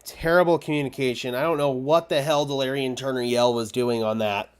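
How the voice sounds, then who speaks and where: A man's voice: mid-range voice, fairly even intonation, a little fast, clean tone. A man giving live play-by-play fan commentary on a football game, frustrated and ranting about his team's defense.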